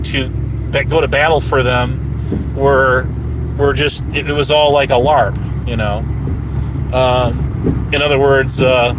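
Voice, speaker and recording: A man's voice: mid-range voice, noisy background. A man ranting on a casual livestream, rambling and profane, with lots of restarts.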